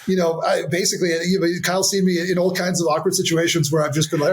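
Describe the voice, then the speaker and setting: A man co-hosting a casual business podcast, telling stories in an animated way with many restarts. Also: high voice, normal speed. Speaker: podcast co-host.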